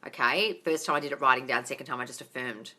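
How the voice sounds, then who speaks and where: Woman, livestream coach, bright and forward voice, blunt and sweary, calls everyone darling, phone mic. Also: extremely low pitch, fast talker. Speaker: manifesting coach answering viewer questions.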